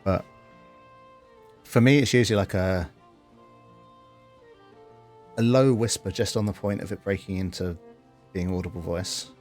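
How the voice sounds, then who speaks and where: Male streamer, lower voice, sweary, laughs a lot, reads out chat. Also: fairly even intonation, unhurried, long pauses, a little mellow, soft background music. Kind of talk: casual stream chat, reading chat aloud.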